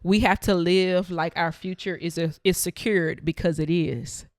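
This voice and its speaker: A woman's voice: fairly low pitch, fairly even intonation, measured pace, no echo, studio quality. A woman co-hosting a faith podcast, speaking reflectively and encouragingly, with frequent affirming interjections. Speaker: podcast co-host.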